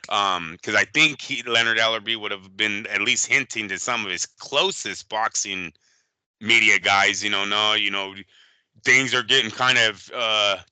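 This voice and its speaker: A man co-hosting a boxing podcast in casual chat, animated and profane, often slipping into quick impressions. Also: on the low side, clear, resonant tone, no room sound, low-quality recording. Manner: animated, profane, impersonates fighters. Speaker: boxing show co-host.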